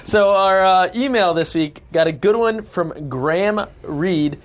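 A young man co-hosting a casual sports podcast, joking and telling lively stories. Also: high voice, unhurried. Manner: joking, animated storyteller. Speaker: podcast co-host.

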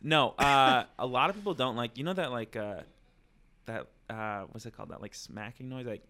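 A man's voice: medium pitch, pushed and bright, a little hiss or hum. A man who is a comedian guest on a podcast, talking casually and laughing at himself. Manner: laughing, self-conscious, quick asides.

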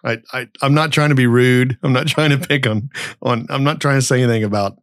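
A man's voice: mid-range voice, steady tone, a little fast, a bit bright, no room sound, clean studio sound. A middle-aged man hosting a podcast, telling a long story in a rambling, blunt and profane way. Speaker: podcast host. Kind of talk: casual podcast chat.

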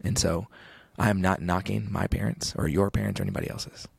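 A man's voice: sits low, steady tone, brisk, gravelly, slightly rough, no room sound. A man in his thirties, a podcast guest talking in an earnest, reflective way with frequent restarts. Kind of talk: podcast conversation.

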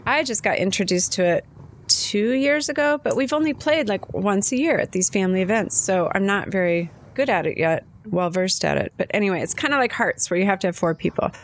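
A woman's voice: mid-range voice, lively intonation, a little fast, a little hiss or hum. A middle-aged woman co-hosting a casual chat, telling personal stories in a chatty, emotional way. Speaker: podcast co-host.

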